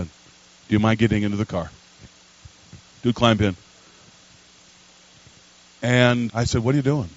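A pastor, telling a story in a sermon and building to loud emphatic preaching. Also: male voice, on the low side, lo-fi sound.

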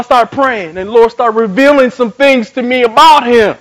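A man preaching a sermon as pastor, telling stories animatedly and swinging between loud emphatic lines and quiet soft ones. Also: extremely high pitch, moderate pace, few pauses, low-quality recording. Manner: animated storytelling, acts out voices in quotes.

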